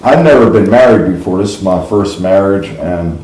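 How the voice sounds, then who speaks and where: This middle-aged man hosts a livestream, his low, darkish voice moving at a moderate pace in a room with noticeable echo. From New York / New Jersey, he rambles through folksy stories in a chatty way, often laughing at them himself.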